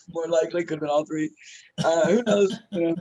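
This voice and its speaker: A man's voice: a little high, a little mellow, slightly rough, lo-fi sound. A man who is a stand-up comedian, telling a story in a casual, profane, slangy way and laughing often.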